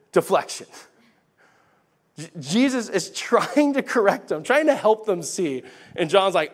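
A male pastor preaching a sermon in a chatty, animated way with laughing asides. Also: a little high, measured pace.

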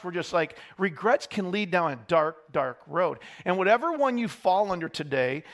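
A man preaching a sermon, telling candid, self-deprecating stories to his congregation. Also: high voice.

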